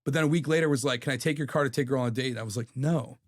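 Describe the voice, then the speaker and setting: A man's voice: medium pitch, very fast. Candid, profane man in his thirties. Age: 30s. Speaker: podcast guest. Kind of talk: casual chat.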